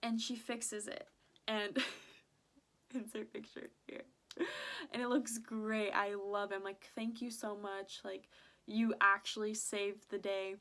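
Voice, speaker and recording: A young adult woman speaks slowly in a mid-range voice while chatting through a story for her vlog. Her retelling is animated and packed with "like" fillers and quoted exchanges.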